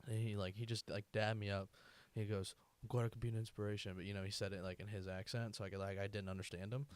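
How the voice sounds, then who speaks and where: A man's voice: fairly low pitch, flat delivery, fast, clean tone. A man hosting a comedy podcast, bantering in a laid-back, profane way. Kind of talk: casual podcast chat.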